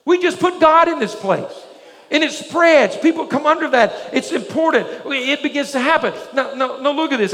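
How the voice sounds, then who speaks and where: A man preaches to his congregation in a strikingly high voice, full of energy and forever checking that they're with him. His sermon rings through a large church sanctuary, and every phrase trails off into a long reverb. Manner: energetic preaching with frequent call-and-response questions. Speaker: pastor.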